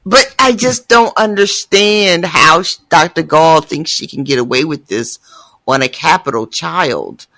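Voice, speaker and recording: A man hosting a book podcast with a bright voice that swings widely in pitch. He talks slowly and dramatically, pausing for effect and swearing freely. His reactions are big and expressive. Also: creaky. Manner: animated, profane, dramatic. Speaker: podcast host. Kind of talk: casual book discussion.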